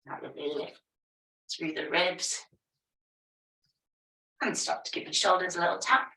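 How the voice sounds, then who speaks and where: Woman yoga teacher, low voice, calm step by step cues, distant echoey room. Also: unhurried, creaky. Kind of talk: guiding a yoga class.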